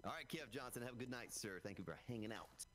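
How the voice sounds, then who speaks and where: A man's voice: medium pitch, lively intonation, fast talker, crowd noise. A man streaming a game live, chatting to his viewers as he plays and talking into a broadcast microphone. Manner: chatty, talks straight to viewers as folks. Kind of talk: live gameplay commentary. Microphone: broadcast dynamic microphone.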